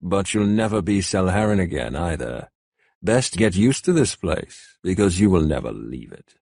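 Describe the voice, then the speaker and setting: A cold, mocking warrior captor with a low, husky voice who drags each word out slowly, as a male narrator plays him. His tone is dry and close, with a quiet menace under the calm. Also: no echo, exaggerated voice. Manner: slow, deliberate, mocking.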